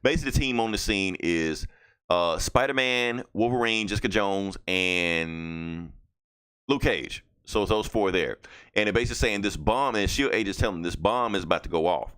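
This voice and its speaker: A man's voice: on the low side, moderate pace, a bit bright, clean tone. A man co-hosting a podcast, chatting casually about comics and summing up a book. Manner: easygoing, reacts with laughs and short comments. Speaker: podcast co-host.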